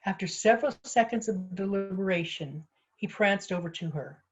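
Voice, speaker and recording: A woman author reading her own story aloud with expressive, lively storytelling. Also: mid-range voice, normal speed, soft background music. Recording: slightly muffled lo-fi audio.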